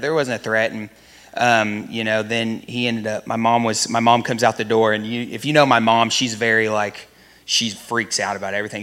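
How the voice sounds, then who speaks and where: A man with a bright, clear tone and a mid-range pitch recounts a personal testimony. He tells it in an animated way, often jumping up in pitch to play the people in his story. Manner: animated, acts out voices, laughs in places. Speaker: church member telling a testimony.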